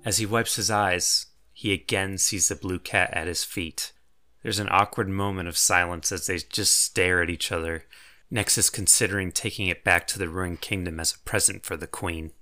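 Deep-voiced man narrating a fantasy game. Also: fairly even intonation, normal speed, pushed and bright. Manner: vivid, descriptive storytelling. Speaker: game master. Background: faint music.

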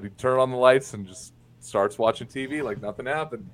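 A man's voice: mid-range voice, a little fast. A man from Indiana who is a podcast guest, telling personal stories in a candid, profane way, with many fillers and restarts. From Indiana, USA. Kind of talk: casual interview storytelling.

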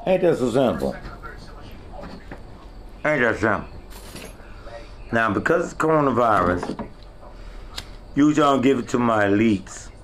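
Mid-pitched man, casual porch talk, moves around while speaking. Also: very animated, measured pace, pauses often, fairly bright tone, a little hiss or hum. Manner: demonstrating echo while walking away. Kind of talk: casual monologue. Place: outdoor porch.

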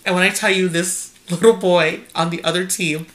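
A woman co-hosting a podcast shares a parenting anecdote in an easy, chatty way, voicing the quotes as she goes. Her voice sits slightly low. It sounds bright, forceful and clear. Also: fairly even intonation, moderate pace. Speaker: podcast co-host. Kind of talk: casual chat.

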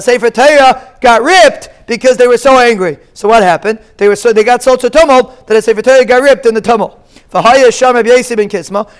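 A man giving a daily Talmud lesson, reading the text and explaining it in a casual, animated way with rhetorical questions. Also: extremely high pitch, smooth. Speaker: Talmud teacher.

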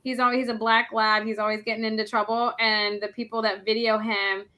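A woman's voice: on the high side, little pitch movement, brisk, bright, forceful tone. A woman hosting a podcast interview, upbeat and encouraging. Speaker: podcast host.

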